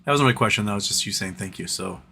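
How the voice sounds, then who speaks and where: A man hosting a casual live stream, rambling with lots of fillers and a tired, throat-clearing voice, in a room at home. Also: fairly low pitch, animated, quick pace, bright, forceful tone, a little hiss or hum. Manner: rambling, trails off, many fillers. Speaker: livestream host. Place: home room with a fan running.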